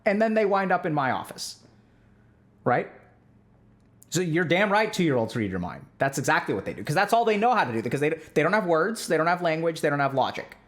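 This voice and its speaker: A man's voice: fairly high pitch, very animated, a little fast. A man, a clinician, explaining parenting in a casual, conversational way, peppering his talk with "like" and frequent "right?" check-ins. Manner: sarcastic when mocking strict views. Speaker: clinician giving parenting advice.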